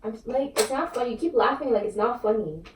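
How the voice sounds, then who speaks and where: In a prank video at home, a young New woman confronts her husband in a heated argument, full of slang and cursing. Her high, swooping voice has lively intonation and a fast pace, and it comes from across an echoey room, far off-mic, with faint noise.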